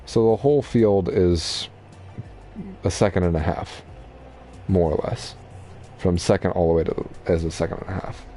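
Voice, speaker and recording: A man's voice: sits low, moderate pace, long pauses, faint music behind. A young man giving casual, chatty commentary while streaming a racing game. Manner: relaxed, chatty, explaining racing strategy.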